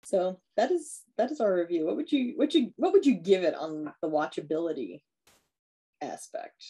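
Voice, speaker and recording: A chatty woman co-hosting a podcast, retelling a film scene by scene and slipping into the characters' lines. Her voice sits a little low and has a dark, mellow tone. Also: big pitch swings, normal speed, breathy edge. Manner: chatty, acts out characters' lines with lots of fillers. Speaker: podcast co-host. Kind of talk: casual chat, retelling a horror film plot.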